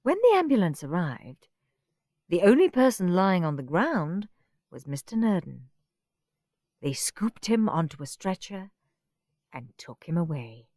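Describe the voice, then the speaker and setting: Woman reading a kids book, bouncy up-and-down voice, takes it slow. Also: fairly low pitch, dry recording. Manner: expressive, playful reading to children. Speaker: audiobook narrator. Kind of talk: storybook narration.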